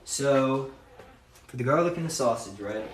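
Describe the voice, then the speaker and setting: A man vlogs from his home kitchen, chatting casually to camera and thinking aloud as he cooks. His medium-pitched voice is expressive and unhurried, and the audio is roomy, distant, and noisy.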